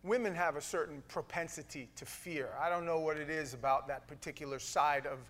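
A man preaching a sermon, telling a story with dramatic swings from hushed lines to loud bursts. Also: a little high, fairly even intonation, a little fast.

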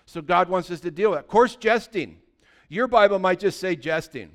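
A middle-aged man preaching a sermon as pastor, conversational and animated, full of rhetorical questions. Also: high-pitched, normal speed.

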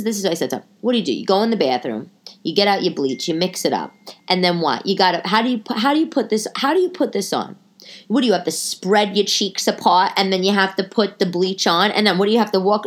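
A middle-aged woman hosting a podcast, telling a long story in a chatty, animated way with lots of restarts. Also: medium pitch, quick pace. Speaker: podcast host. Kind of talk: casual storytelling monologue.

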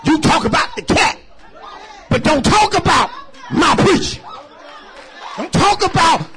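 A pastor preaching a sermon in a church, shouting lines for the congregation to repeat and then dropping into quiet asides. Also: male voice, very high-pitched, lively intonation, a little slow, some chatter behind. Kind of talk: shouted call-and-response sermon. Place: church sanctuary.

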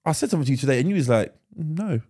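A man's voice: mid-range voice, expressive, racing, dark tone, husky. A man co-hosting a podcast, teasing his friend in crude casual banter and laughing often. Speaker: podcast co-host.

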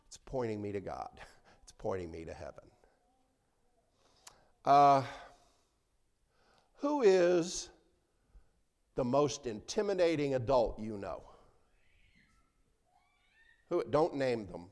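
A man preaching a conversational sermon to a congregation in a church, swinging between loud emphasis and soft asides. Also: medium pitch, sing-song, takes it slowly, pauses often.

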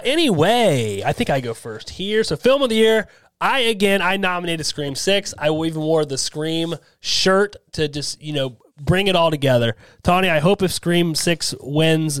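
A man's voice: on the high side, clean tone, no echo. A man hosting a casual podcast, announcing results with teasing, joking asides. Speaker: podcast host.

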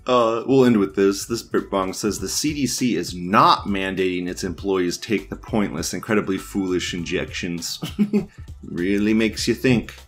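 A man's voice: lowish voice, animated, measured pace, soft background music. A man hosting an online news show, casually reading forum posts aloud and riffing on them in a crude, rambling way, laughing often and restarting his sentences.

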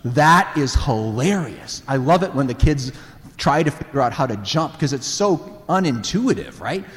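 Animated preacher in a ringing hall. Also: male voice, mid-range voice, moderate pace. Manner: animated, laughs often while telling family stories. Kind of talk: sermon storytelling. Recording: reverberant hall.

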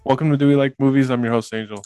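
A man's voice: mid-range voice, fairly even intonation, rapid-fire, loud music behind the voice. A young man hosting a casual movie podcast, rambling with many fillers and frequent laughs. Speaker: podcast host.

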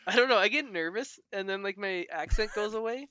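A man's voice: high voice, takes it slowly, bright, forceful tone, no echo. A man co-hosting a podcast in casual chat, talking in a loose, chatty way with many "like" fillers and frequent laughs. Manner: chatty, heavy use of "like" fillers, laughs often. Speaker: podcast co-host.

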